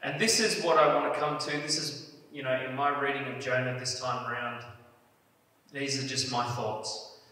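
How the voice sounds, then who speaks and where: A man's voice: medium pitch, fairly even intonation, normal speed, pushed and bright. Man, pastor, earnest preaching, stresses key words, long hall reverb, distant mic. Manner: earnest, builds emphasis on key phrases. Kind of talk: sermon. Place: church hall.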